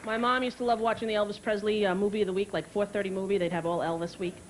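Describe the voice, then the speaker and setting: A woman's voice: mid-range voice, steady tone, very fast. A woman doing a brash stand-up comedy routine on stage, telling stories and slipping into character voices. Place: comedy stage with live audience. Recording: live crowd and noise.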